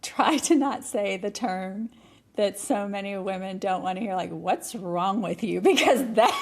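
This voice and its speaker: A middle-aged woman talking candidly on a podcast, animated and often laughing. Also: medium pitch, measured pace. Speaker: podcast guest. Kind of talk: conversational podcast talk.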